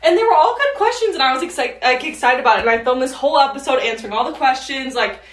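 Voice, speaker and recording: A woman's voice: sits high, expressive, fast talker. A young woman in her late teens, chatting casually as a podcast host and rambling with lots of fillers. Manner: chatty, meandering, frequent fillers. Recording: echoey room, mic at a distance.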